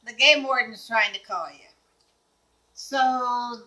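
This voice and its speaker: Bright-voiced older woman telling a story. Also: fairly high pitch, slow pace, rough recording. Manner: animated, laughs often while telling; acts out quoted dialogue. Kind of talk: casual anecdote.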